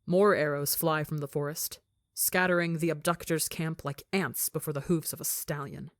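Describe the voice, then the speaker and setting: A woman reading a story aloud in a measured, dramatic way that grows hushed in its quiet moments. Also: sits low, steady tone, no echo, clean studio sound. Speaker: story reader.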